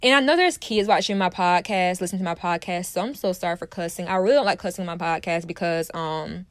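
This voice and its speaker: A woman's voice: on the low side, fast talker, dry recording. A woman hosting her own podcast, talking in a casual, passionate way and repeating phrases for emphasis. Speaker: podcast host. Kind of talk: casual motivational podcast monologue.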